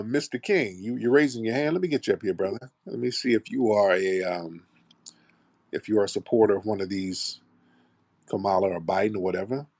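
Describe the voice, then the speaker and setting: A man's voice: medium pitch, no room sound, studio quality. A man hosting a call-in show, talking in a mocking, combative way with callers. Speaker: host.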